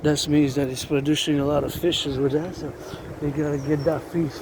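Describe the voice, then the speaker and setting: Brief: man, sing-song chanted cadences, rambling talk, slightly high voice, faint outdoor noise. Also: little pitch movement, normal speed. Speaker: vlogger. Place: outdoors by a river.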